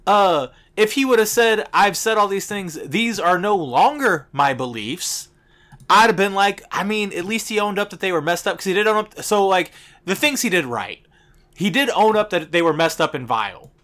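A man's voice: high-pitched, expressive, moderate pace, a bit bright. A man co-hosting a podcast, blunt and emphatic, swearing casually as he talks. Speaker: podcast co-host.

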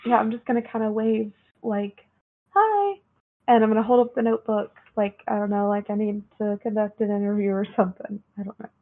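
A woman's voice: medium pitch, flat delivery, fast talker. A woman playing a tabletop game who speaks tentatively, with many fillers and a giggly manner. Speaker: player. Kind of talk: tabletop role-play. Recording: tinny phone-like call audio.

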